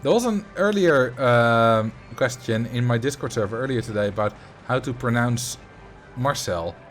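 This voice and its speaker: A man's voice: medium pitch, moderate pace, faint music behind. A man in his late twenties hosting a livestream, telling rambling anecdotes in casual chat. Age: late 20s. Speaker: livestream host.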